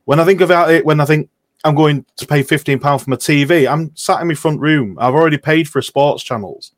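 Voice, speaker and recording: A man's voice: on the high side, fairly quick, no echo, clean studio sound. A man in a casual chat, indignant and emphatic. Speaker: podcast panelist.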